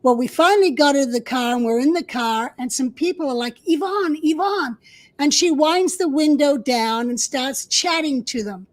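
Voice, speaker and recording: A woman co-host sharing a story in casual chat, lively as she tells it. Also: high voice, moderate pace, hardly any pauses, no room sound, rough recording.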